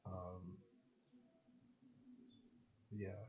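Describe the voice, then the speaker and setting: A man's voice: sits low, little pitch movement, drawn-out words, vocal fry, mellow, muffled recording. A young man from Jamaica with a Jamaican accent, rambling casually and laughing as he jumps between topics. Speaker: spiritual channel host.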